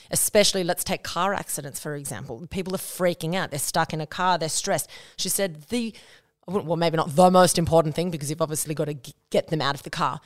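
Solo podcast host, a woman with a low voice; chatty, blunt, drops swear words, recorded dry and close. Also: no room sound. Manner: chatty and frank, swears freely. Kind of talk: casual solo podcast talk.

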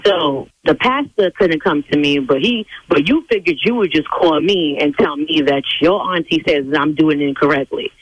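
A woman on a phone call, a church sign language interpreter, speaking in a prim, measured way. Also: sits low, breathy edge, no echo. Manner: prim and measured, then explodes. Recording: phone line.

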